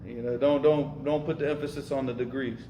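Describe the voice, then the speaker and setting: In this informal lesson with live questions, the Arabic and Islamic studies teacher talks emphatically and casually, mixes in Arabic terms and keeps repeating himself. He speaks a little fast in a steady, medium-pitched voice, and the recording is reverberant with a noisy background.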